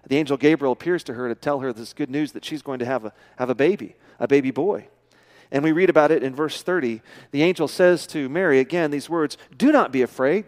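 A middle-aged American man preaching a sermon to his church, talking casually and often putting questions to the congregation. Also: mid-range voice. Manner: conversational, asks the congregation questions. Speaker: pastor.

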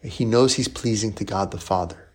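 A man's voice: lowish voice, normal speed. A male priest preaching in a conversational style, often asking rhetorical questions and adding "right?". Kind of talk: sermon.

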